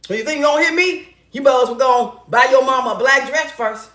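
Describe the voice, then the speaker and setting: Middle-aged woman vlogger, high-pitched, loud and blunt, swearing freely, in an echoey kitchen. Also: fairly quick. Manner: loud, blunt and profane, with bursts of laughter. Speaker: relationship advice vlogger. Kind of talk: casual storytelling chat.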